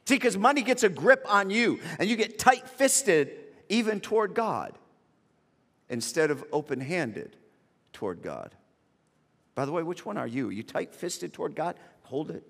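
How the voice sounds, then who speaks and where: Lively high-voiced preacher in a big hall. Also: male voice, moderate pace, creaky. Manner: animated, repetitive starts, comic exaggeration. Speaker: pastor. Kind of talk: sermon with personal storytelling. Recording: long reverb of a large hall.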